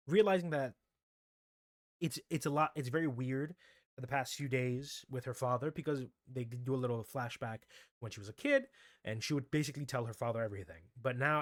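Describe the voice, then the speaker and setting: A man's voice: mid-range voice, no room sound. Rambling man recapping an anime, dry sound. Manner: rambling, keeps adding "right?" and restarts. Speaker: anime commentary host.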